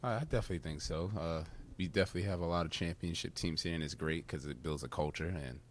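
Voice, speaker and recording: Young male college athlete, deep voice, easygoing, short interview answers. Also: quick pace, slight background noise. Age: young adult. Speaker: college basketball player.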